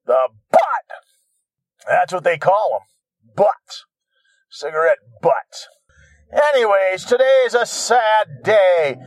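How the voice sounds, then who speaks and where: A man's voice: sits high, lively intonation, slow, no room sound. A man in his sixties telling his own story in a rambling monologue, profane, wry and self-mocking.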